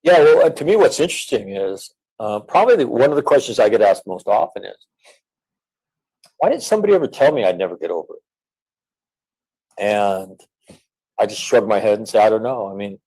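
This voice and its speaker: A middle-aged man, a former Marine, talking in an earnest, measured way with frequent fillers as an interview guest. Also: fairly low pitch, poor audio. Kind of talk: reflective interview talk.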